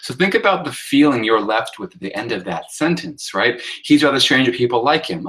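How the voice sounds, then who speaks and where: A man, a writing instructor, giving a recorded lecture on sentence style. He talks through slides casually with many fillers and reads example sentences aloud in a raised, animated voice. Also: medium pitch, normal speed, hardly any pauses, poor audio. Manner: conversational teaching with many fillers, acting out example sentences in a lifted voice.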